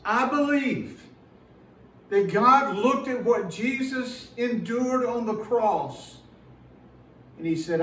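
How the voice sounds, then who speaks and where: Man, pastor, high voice, slow emphatic sermon, echoey hall, distant mic. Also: expressive, fairly bright tone, a little hiss or hum. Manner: earnest, emphatic preaching with slow pauses and repeated words.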